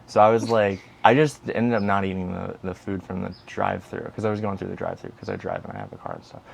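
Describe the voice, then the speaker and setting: Deep gravelly man rambling. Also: lively intonation, quick pace, a little hiss or hum. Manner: rambling, repeats himself, many fillers. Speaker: podcast co-host. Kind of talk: casual chat.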